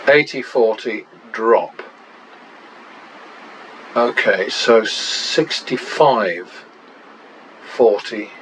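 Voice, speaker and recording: A man's voice: lowish voice, very slow, pauses often, a bit bright, a little hiss or hum, low-quality recording. A man and channel host talking through practice casino betting, muttering running tallies with wry exclamations.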